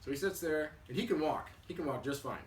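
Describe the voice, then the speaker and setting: A young man casually telling a children's story for a class, relaxed and chatty, with fillers and restarts. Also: on the high side, fast. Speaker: student. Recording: echoey room, mic at a distance, faint hiss.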